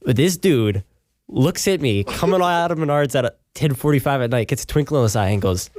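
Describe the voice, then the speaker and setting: Young male podcast guest, lively storyteller with a jokey, animated delivery. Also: medium pitch, a little fast. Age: young adult. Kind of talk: casual chat.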